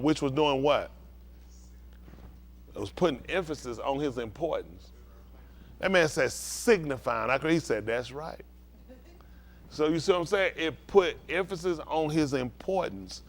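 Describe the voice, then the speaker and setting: Male pastor, fairly high voice, bible teaching, call-and-response, asks if listeners follow. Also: animated, measured pace, long pauses. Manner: keeps checking the listeners understand.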